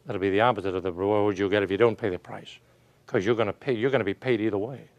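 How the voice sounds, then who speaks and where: On a muffled recording, an older man with a fairly low voice speaks fast, giving a motivational speech. He's lively and folksy, telling stories, laughing softly and posing rhetorical questions to his listeners.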